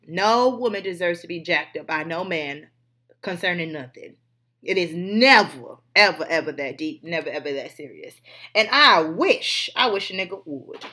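Blunt, bright-voiced woman host. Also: medium pitch. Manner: blunt, profane, emphatic. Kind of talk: casual gossip commentary.

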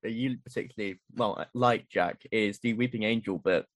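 A man's voice: on the low side, normal speed, no room sound. A man hosting a casual podcast, laughing along and trailing off mid-sentence. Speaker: podcast host. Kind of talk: casual chat.

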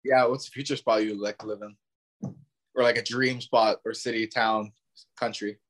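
A man's voice: on the low side, flat delivery, moderate pace, a bit bright. A young man from Ontario, a podcast guest musing in easygoing casual chat. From Ontario, Canada.

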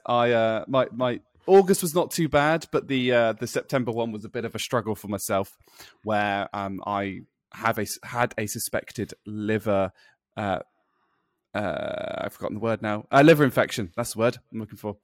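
A man's voice: on the low side, moderate pace, no echo. Chatty man, dry close sound. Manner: chatty, laughs often, stumbles over words. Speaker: podcast co-host. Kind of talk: casual chat.

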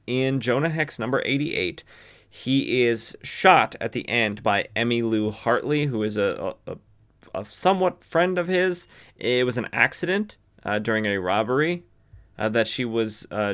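A man's voice: lowish voice, fairly bright tone. A man from the western United States hosting a podcast, casually recapping a comic book with lots of fillers and self-corrections. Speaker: podcast host.

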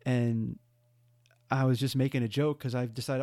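A man co-hosting a casual podcast, with a voice of ordinary middle pitch. He tells long, rambling stories with lots of energy and breaks into laughter often. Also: a little fast. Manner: animated, rambling storytelling with frequent laughs. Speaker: podcast co-host. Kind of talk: casual chat.

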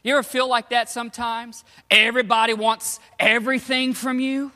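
Man, pastor, sermon, casual slangy storytelling, high voice, long hall reverb. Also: flat delivery, moderate pace, bright, forceful tone.

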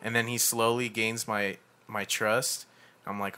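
A man's voice: fairly low pitch, unhurried. A young man co-hosting a casual podcast, telling stories with lots of swearing and laughter. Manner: animated storytelling, swearing and laughing. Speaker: podcast co-host. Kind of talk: casual chat.

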